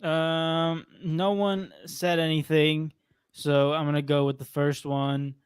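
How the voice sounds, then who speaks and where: A young man co-hosting a casual sports podcast, easygoing and quick to laugh, on a computer mic. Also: on the high side, level tone, clean tone, dry recording, studio quality. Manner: easygoing, laughs often, laid-back predictions. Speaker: podcast co-host.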